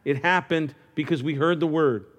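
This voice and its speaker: A man with a slightly higher voice preaches to his congregation, talking it through casually with many restarts. At times he lifts his voice into fervent, ringing calls. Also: moderate pace. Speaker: pastor. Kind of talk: sermon.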